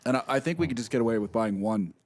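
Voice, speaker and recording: A man's voice: medium pitch, expressive, very fast. A man hosting a podcast from his cigar shop, chatting casually and rambling a little as he trails off mid-sentence. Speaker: podcast host and shop owner. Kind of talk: casual chat. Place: cigar shop used as a studio. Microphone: podcast mic with headphones.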